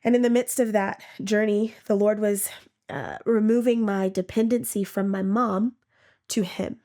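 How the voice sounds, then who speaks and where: A woman shares a personal faith testimony at an ordinary pitch. She talks in a halting, heartfelt way, restarting and repeating words as she goes. Now and then she acts out her own past words. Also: steady tone, dark tone. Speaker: testimony speaker.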